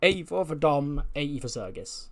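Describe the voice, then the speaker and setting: A man's voice: fairly high pitch, sing-song, moderate pace. Chatty man narrating a game run. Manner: chatty, loose, laughs at own jokes. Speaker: game commentator. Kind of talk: casual playthrough commentary of a wrestling management game.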